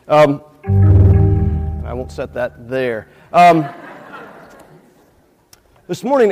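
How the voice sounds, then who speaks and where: A man preaching a sermon from the pulpit, his voice sitting high for a man. He speaks in a plain, conversational way and keeps asking the congregation questions. The sound rings out with a long reverb across a large church sanctuary. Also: a little mellow. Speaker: pastor.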